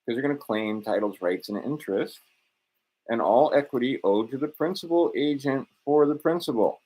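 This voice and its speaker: A man's voice: medium pitch, normal speed, mellow, slightly rough. A man in a rambling, self-assured monologue, swearing often and drifting between points. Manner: profane, digressive, self-assured.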